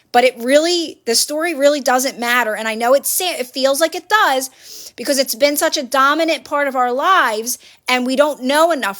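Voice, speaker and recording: Her voice a little high and fairly bright in tone, a woman livestreams from her phone with casual motivational tips for viewers. She coaches earnestly, repeating herself.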